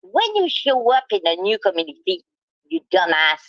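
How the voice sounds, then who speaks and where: A woman in a heated monologue, talking in halting bursts with restarts and insults. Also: mid-range voice, wildly swooping pitch, no echo, highs cut off. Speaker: livestreamer.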